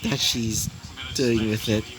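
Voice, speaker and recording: A man voicing an anxious young woman asking for help, hesitant and hushed. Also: fairly low pitch, fairly even intonation, takes it slowly, background noise, voice pushed down. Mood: worried.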